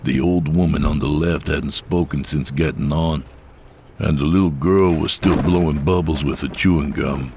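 A man narrating a horror story in a steady, measured way. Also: rumbling low, slight background noise.

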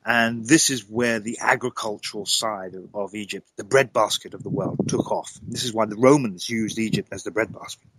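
Husky-voiced man telling a lively story. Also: lowish voice, normal speed, no echo, rough recording. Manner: lively, laughs often, repeats words. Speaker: guest. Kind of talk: storytelling in conversation.

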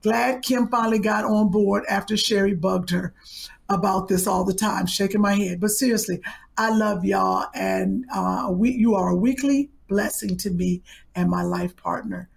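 A woman's voice: mid-range voice, expressive, normal speed, gravelly. A woman co-hosting a podcast in casual banter, teasing and laughing often, reading a listener's email aloud. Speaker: podcast co-host.

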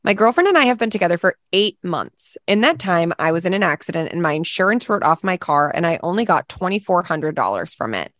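A woman's voice: fairly low pitch, sing-song, a little fast, hardly any pauses, a bit bright, no echo, studio quality. A woman co-hosting a podcast, chatting casually, swearing and laughing often, and reading a listener's post aloud. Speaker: podcast co-host.

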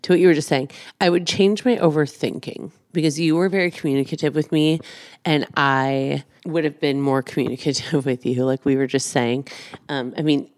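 A woman's voice: low-pitched, steady tone, moderate pace, darkish tone, no room sound, clean studio sound. A woman co-hosting a podcast, chatting casually with her partner, laughing often and poking fun at herself. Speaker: podcast co-host.

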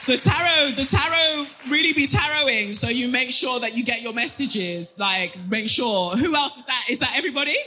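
A woman with a British accent hosting a live podcast show, shouting thanks and calling on audience members. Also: sits high, normal speed, hardly any pauses. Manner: warm, shouting thanks to the crowd. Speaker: podcast host. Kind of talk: live show crowd interaction. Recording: live venue with music.

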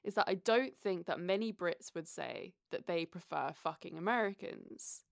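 Young woman british, low voice with lots of vocal fry, chatty and candid, dry close mic. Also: lively intonation, normal speed, dry recording. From Britain. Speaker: podcast co-host. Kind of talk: casual chat.

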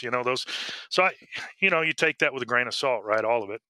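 Brief: middle-aged male K9 officer, guest, hesitant storyteller, bright timbre. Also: on the high side, smooth, dry recording. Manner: halting, full of fillers and restarts. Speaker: police K9 handler, guest. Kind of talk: casual interview storytelling.

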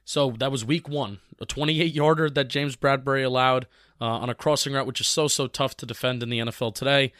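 A young man co-hosting a casual sports talk show, leading segments in a measured way. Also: medium pitch, steady tone, fairly bright tone. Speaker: podcast co-host.

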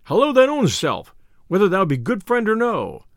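A man voicing a gruff, boastful, hot-tempered tinker who speaks in old-fashioned English. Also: high-pitched, wildly swooping pitch, normal speed, no echo, clean studio sound, exaggerated voice. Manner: blustering, archaic speech.

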